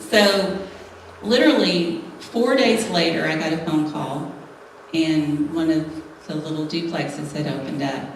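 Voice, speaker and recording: Laughing often, a middle-aged woman shares a humorous testimony with a women's church gathering. She speaks a little slowly in a low voice. The sound is echoey from a distant mic in a hall, with slight background noise.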